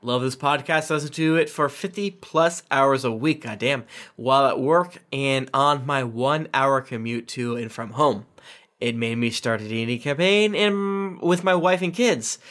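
A man's voice: mid-range voice, normal speed, a bit bright. A man hosting a casual podcast, reading listener reviews aloud with playful voices and asides.

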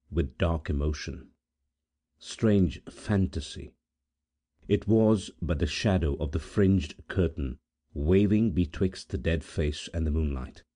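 A man reading a gothic tale aloud as an audiobook narrator, in a measured, solemn manner with dramatic pauses. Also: sits low, dark tone. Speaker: volunteer audiobook reader.

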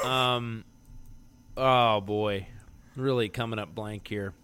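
A man from the Philadelphia area co-hosting a casual movie podcast, talking excitedly with frequent laughs and rambling restarts. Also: fairly low pitch, slow pace, clean tone. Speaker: podcast co-host.

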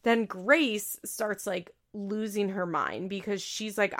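A woman's voice: mid-range voice, takes it slowly, a bit bright. A woman giving casual commentary as a podcaster, blunt and profane, with frequent "like" fillers. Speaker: reality TV recap podcaster.

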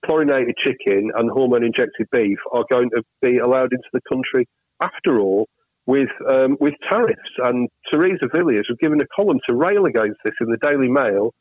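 A man's voice: mid-range voice, animated, fairly quick, no room sound, phone-quality sound. British man, rambling political chat. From Britain. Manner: rambling storyteller, many restarts. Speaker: podcast co-host.

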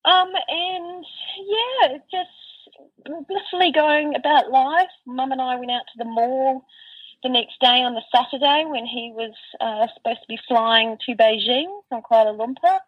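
A woman recalling a painful family memory in a halting voice, full of restarts and fillers. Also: high voice, slightly rough, no room sound. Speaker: interview guest. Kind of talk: emotional personal recollection. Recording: dull, distant, dry sound.

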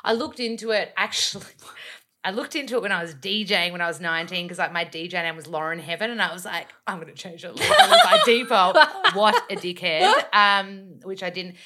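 An Australian woman in her thirties talks openly and frankly, laughing easily and slipping into quoted voices. Her tone is bright and clear. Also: on the low side, lively intonation, a little fast, slight background noise. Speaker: podcast guest. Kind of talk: casual chat.

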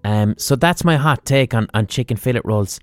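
A man's voice: medium pitch, lively intonation, moderate pace, no room sound, soft background music. An Irish man hosting a solo podcast, delivering a sweary, exasperated comedic rant full of rhetorical questions. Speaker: podcast host.

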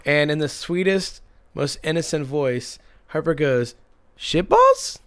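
A man's voice: a little high, unhurried, heavy background noise. Laughing young man telling stories. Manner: rambling storyteller, laughs often. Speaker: podcast co-host. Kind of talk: casual chat.

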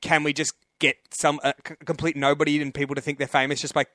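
A man's voice: on the high side, quick pace, no echo, clean studio sound. A man, co-hosting a casual comedy chat and telling stories with a lot of laughter. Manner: animated storytelling, laughing often. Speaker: podcast co-host.

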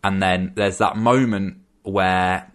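Chatty low-voiced man. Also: fairly even intonation, slow. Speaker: podcast host. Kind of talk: casual film chat.

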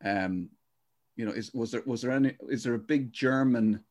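Irish male podcast host, mid-pitched, loose rambling delivery, jokey. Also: moderate pace, darkish tone, highs cut off. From Ireland. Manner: rambling, wondering aloud, jokey. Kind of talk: casual chat.

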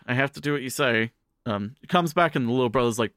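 Bright-voiced man rambling about anime. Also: mid-range voice, fast, no echo, clean studio sound. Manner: rambling, profane, animated retelling. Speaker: podcast co-host. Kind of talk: casual anime commentary.

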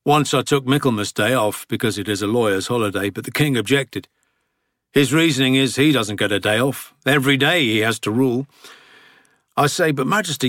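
A man's voice: mid-range voice, a bit bright, no echo, studio quality, natural voice. A man playing a weary royal minister. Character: weary middle-aged royal minister, dry and tired. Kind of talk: audiobook character reading.

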